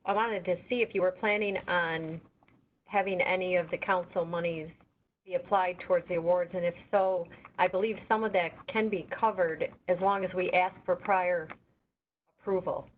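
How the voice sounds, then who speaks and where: A woman's voice: on the low side, fairly even intonation, moderate pace. Woman on a tinny phone line. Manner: polite, practical questions. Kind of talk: conference-call meeting discussion.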